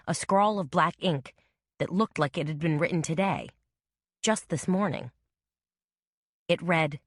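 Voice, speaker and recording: A woman reads a mystery audiobook in an even, measured way. Her voice is low and the sound is dry and close, with no room around it. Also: no room sound. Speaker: narrator. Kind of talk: audiobook narration.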